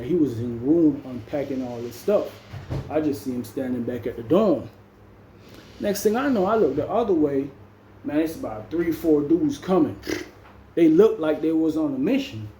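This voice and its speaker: Jamaican man, casual storytelling, slangy, mellow voice, fairly high, echoey room. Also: a little hiss or hum. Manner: slangy, peppers speech with "man". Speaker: storyteller vlogger.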